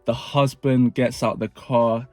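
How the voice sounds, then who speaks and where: Vlogger, man, animated storyteller, dry close sound, soft music underneath. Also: mid-range voice, slow, no room sound. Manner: animated storytelling, acting out dialogue. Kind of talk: storytime narration.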